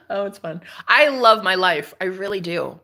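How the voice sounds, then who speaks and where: A woman's voice: mid-range voice, sing-song, unhurried, pushed and bright. A woman chatting casually on a live stream, sassy and laughing often as she talks back to her viewers. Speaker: spiritual streamer.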